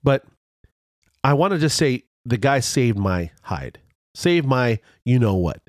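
A man telling a road story in casual chat, rambling with restarts and fillers, and his voice jumps higher when he gets excited. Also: slow, dry recording, studio quality.

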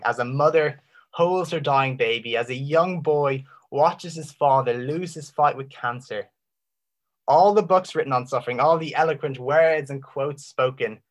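A man giving an impassioned Christian apologetics talk, full of rhetorical questions and dramatic pauses. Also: medium pitch, fairly bright tone. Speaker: Christian speaker.

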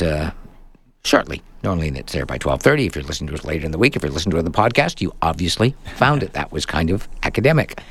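A man's voice: lowish voice, a bit bright. A man hosting a live radio tech show, chatty and plainly explaining tips from a studio microphone. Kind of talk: live call-in radio chat.

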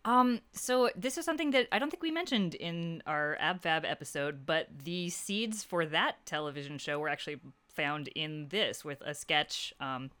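A woman's voice: sits low, moderate pace, hardly any pauses, pushed and bright, smooth. A woman in her thirties co-hosting a podcast, talking frankly and crudely with dry jokes. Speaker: podcast co-host. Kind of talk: casual chat.

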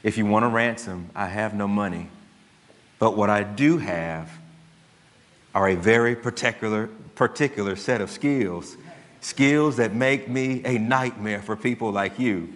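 A man playing a grim, determined father who speaks low, steady and menacing. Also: a little slow, natural voice. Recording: long hall reverb.

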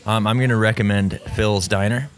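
A man co-hosting a podcast from a diner, laid-back and a little halting. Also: lowish voice, steady tone. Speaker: podcast co-host. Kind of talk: casual chat.

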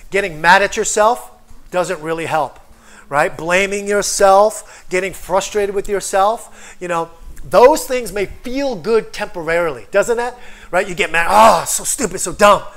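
A man's voice: high-pitched, a little slow. A man preaching an online sermon with lots of energy, often calling out for an amen and acting out people's inner voices. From foreigner living in Korea. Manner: energetic, calls for amens, acts out inner voices. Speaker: pastor.

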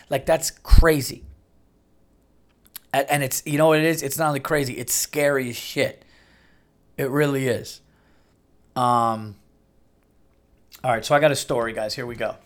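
A man in his late thirties hosts a casual talk show, rambling through stories with plenty of swearing. His pitch sits in the middle of the range. He jumps into higher, louder voices whenever he quotes someone. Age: late 30s. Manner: animated, profane, acts out quotes in raised voices. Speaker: podcast host. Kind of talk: casual storytelling monologue.

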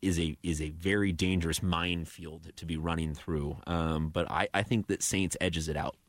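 A man's voice: deep voice, steady tone, moderate pace, no echo. A man in his twenties hosting a sports radio show in a studio, chatty and self-deprecating. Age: 20s.

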